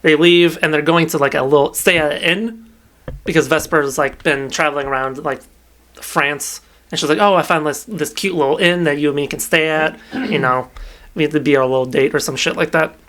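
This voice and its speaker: On a podcast, a young male co-host casually recaps a novel's plot in a slightly high, brisk, fairly bright voice. His chat rambles, full of fillers and the occasional swear word.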